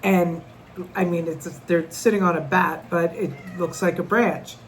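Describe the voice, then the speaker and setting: A woman's voice: on the low side, fairly even intonation, measured pace, a little hiss or hum, poor audio. A middle-aged woman telling a personal story to camera in an earnest, conversational way, often restarting her sentences. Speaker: vlogger.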